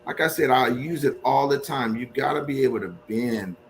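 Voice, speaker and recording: A man's voice: medium pitch, normal speed, slight background noise, rough recording. A man sharing earnest, faith-based marriage advice as a guest on a podcast.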